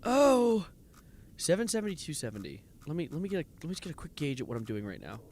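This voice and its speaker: A man's voice: a little high, huge pitch swings, quick pace, darkish tone. A man streaming a game live, nervously muttering coordinates, reading chat and breaking into sudden exclamations. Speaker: livestreamer playing a game.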